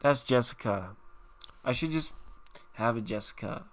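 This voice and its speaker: A man's voice: medium pitch, expressive, measured pace. A man hosting a live tarot stream, chatting casually and reassuring viewers by name.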